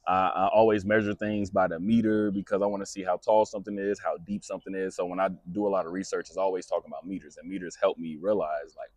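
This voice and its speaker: Man, very low voice, rambling podcast host, dry close sound. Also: flat delivery, quick pace, few pauses, darkish tone, dry recording. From United States. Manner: rambling, many restarts, laughs at own jokes. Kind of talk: casual chat.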